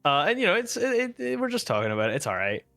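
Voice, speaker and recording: A man on a voice call, talking in a halting way with many restarts, telling a story in casual chat. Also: fairly high pitch, huge pitch swings, gravelly, bright, forceful tone, no echo, soft background music. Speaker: caller.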